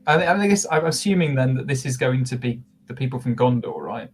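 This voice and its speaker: A man's voice: medium pitch, animated, brisk. Man cohosting a chatty podcast, jokes around, mid voice. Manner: jokey, laughs often. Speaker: podcast co-host. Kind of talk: casual chat.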